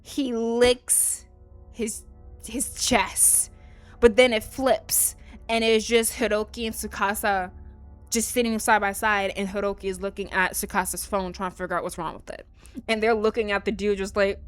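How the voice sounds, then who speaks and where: A woman's voice: normal speed, soft background music. A woman hosting a let's play, telling a story in a chatty, casual way with lots of "like" and "um". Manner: chatty storytelling, lively jumps in pitch, frequent "like" and "um". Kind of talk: casual gaming commentary.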